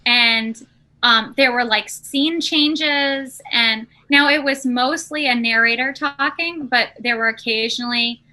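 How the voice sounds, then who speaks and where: A woman co-hosting a podcast, telling relaxed stories in casual chat. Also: fairly high pitch, unhurried, poor audio. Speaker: podcast co-host.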